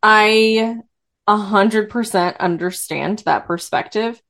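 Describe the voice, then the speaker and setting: A woman's voice: medium pitch, takes it slowly, a bit bright. A woman co-hosting a podcast in casual chat, supportive, giving short agreeing replies before making her own point. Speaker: podcast co-host.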